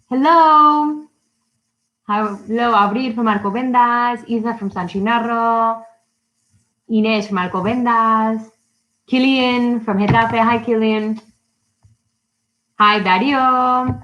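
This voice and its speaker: A woman, an English teacher, greeting children by name and leading a live-streamed storytime lesson with slow, bright questions. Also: mid-range voice, highs cut off. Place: her home in a city.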